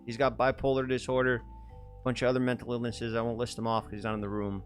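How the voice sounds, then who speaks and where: A man's voice: medium pitch, little pitch movement, fast, faint music behind. A young man hosting a podcast in casual chat, joking loosely and swearing freely. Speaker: podcast host.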